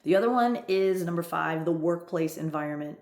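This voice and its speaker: A woman's voice: on the low side, a little fast, a little mellow. A woman in her fifties, a love coach, talking in a direct, emphatic coaching monologue and often checking in with "right?". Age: 50s. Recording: echoey room.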